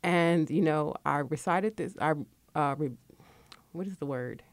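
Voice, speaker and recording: A woman's voice: low voice, a little slow, no room sound. A woman in her forties from Connecticut, a guest author chatting on a radio interview in a reflective, storytelling way. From Connecticut, USA. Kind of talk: casual radio interview talk.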